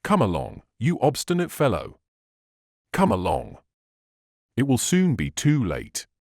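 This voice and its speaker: A man's voice: mid-range voice, huge pitch swings, measured pace, darkish tone, dry recording, studio quality, heavily acted. A man reading aloud and voicing an urgent, caring male expedition doctor who coaxes and pleads. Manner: coaxing, pleading.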